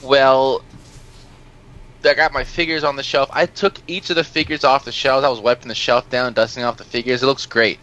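Guy hosting a chat show, rambly profane storyteller, muffled low-fi audio. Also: steady tone, normal speed, pushed and bright. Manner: rambling, profane, laughs at his own stories. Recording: dull lo-fi sound.

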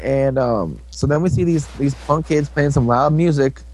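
A podcast co-host, a young man, casually recaps an episode of a show, rambling, joking and doing silly voices for the characters. He talks at normal speed in a mid-range voice with a darkish tone.

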